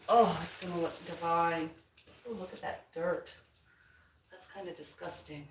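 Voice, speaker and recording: A woman chatting casually while painting her house, now and then talking to her dog in a high voice. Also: steady tone, unhurried, a bit bright, slight background noise. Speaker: home vlogger. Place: house hallway, indoors. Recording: roomy, far from the mic.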